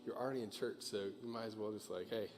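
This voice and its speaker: A man's voice: on the low side, fairly even intonation, quick pace, a little hiss or hum. A young man preaching casually to a church crowd, joking and leading a prayer, with lots of fillers. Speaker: pastor. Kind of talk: informal sermon and prayer. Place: church auditorium.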